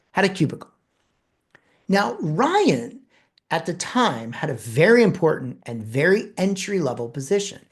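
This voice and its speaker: A man giving a storytelling talk, his pitch swinging widely as he builds scenes. He leans on dramatic pauses and acts out bits of conversation for the audience. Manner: expressive, dramatic pauses, quotes dialogue. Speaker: presenter telling a personal story.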